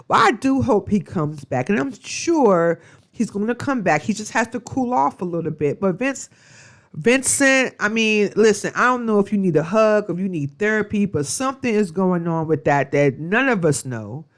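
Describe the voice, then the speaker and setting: Woman doing a casual reality tv recap, talky, lots of ums and slang, medium pitch. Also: animated, moderate pace. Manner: chatty storytelling, full of fillers and slang. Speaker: reality TV reviewer.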